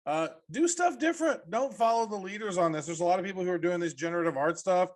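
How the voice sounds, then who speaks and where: Fast talking guy cohosting a podcast, rambly, kinda high voice. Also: lively intonation. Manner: rambling, quick, scrolling and reacting aloud. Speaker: podcast co-host. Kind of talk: casual chat.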